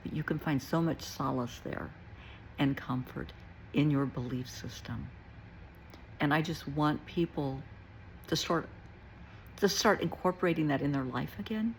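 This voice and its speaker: An older woman therapist talks plainly and reassuringly about faith, folksy and warm with her "honey"s. Her voice has a gravelly, creaky edge. A faint hiss sits under it. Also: low-pitched, measured pace, pauses often, poor audio. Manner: folksy, calls listener honey. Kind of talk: casual spiritual advice talk.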